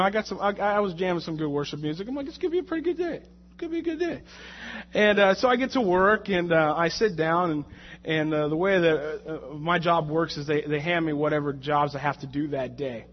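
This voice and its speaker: A man preaching in a loose, conversational way, his slightly high voice jumping around as he tells a funny story from work. He turns loud and heated when he relives the frustrating parts. The sound is dull and lo-fi. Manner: animated, jokey storytelling with rising, shouted anger in the retold moments. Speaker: lay preacher. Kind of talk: conversational sermon with a personal story.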